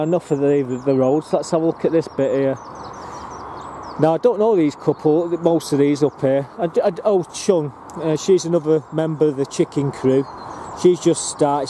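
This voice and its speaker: A man rambles cheerfully through a walking tour of allotments, his voice mellow and a touch higher than most men's. He talks in loose, chatty bursts with plenty of ums and restarts. It was recorded outdoors on a handheld camera mic, with a faint hum of outdoor ambience behind him. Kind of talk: casual walk-and-talk commentary.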